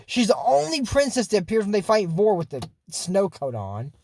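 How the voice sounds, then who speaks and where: A man's voice: sits high, wildly swooping pitch, moderate pace, vocal fry, hardly any pauses, darkish tone. A man hosting a casual video, recapping a cartoon episode with rambling, meandering asides. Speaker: video host.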